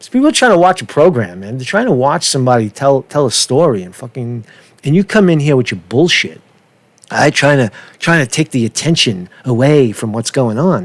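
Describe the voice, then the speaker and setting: A man's voice: mid-range voice, dry recording. A man hosting a rambling livestream, swearing often and repeating himself, ending his lines with "man". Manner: swearing, fast and animated, repeats himself, says "man" a lot. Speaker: livestream host. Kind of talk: rambling casual livestream talk. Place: street in a big city.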